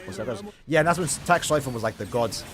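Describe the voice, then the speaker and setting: A young man chatting casually on a live game stream, talking in quick bursts and laughing easily. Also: medium pitch, lively intonation, soft background music.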